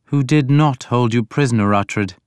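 A man voicing a scholarly king, measured, mild yet stern, smooth clear tone, dry close sound, audiobook. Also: mid-range voice, a little mellow, dry recording, close to an everyday voice. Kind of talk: audiobook character voice.

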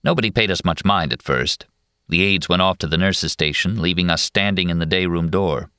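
A man narrating a novel in a steady, measured first-person telling. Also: deep voice, smooth, dry recording, studio quality. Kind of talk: audiobook narration.

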